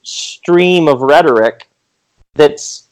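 A man's voice: on the high side, extremely slow, poor audio. A man as a podcast guest, riffing emphatically in casual storytelling and often asking "you know what I mean?". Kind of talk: animated conversational storytelling.

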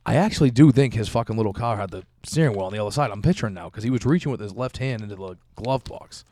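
A man's voice: on the low side, lively intonation, fast talker, mellow. A young man telling a rambling story in casual chat, full of "like" and "dude". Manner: rambling, laid-back, lots of "like" and "dude".

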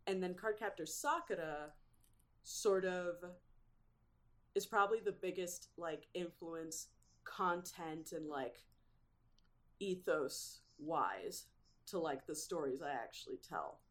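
Woman, lowish voice, animated, laughs a lot, casual interview guest. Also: slow. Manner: animated, laughs often, many fillers.

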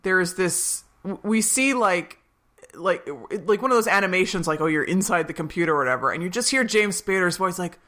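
Bright, animated woman recapping a movie. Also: on the low side, a little fast. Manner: animated, laughs often, acts out quotes. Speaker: podcast co-host. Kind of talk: casual movie recap chat.

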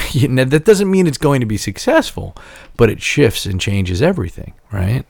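A man in his forties rambling and swearing through casual podcast chat, his stories loose and animated. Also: medium pitch, moderate pace, creaky, no echo. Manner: rambling, profane, animated storytelling. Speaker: podcast co-host.

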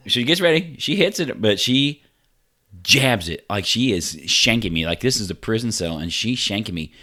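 A man's voice: on the low side, animated, normal speed, pushed and bright. A man co-hosting a podcast, telling a story in a rambling, casual way with slang, cursing and laughter. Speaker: podcast co-host.

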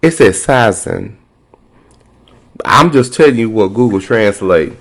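A man's voice: lowish voice, big pitch swings, a little slow, noisy background. A man hosting a podcast in a casual, sassy, playful way. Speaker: podcast host.

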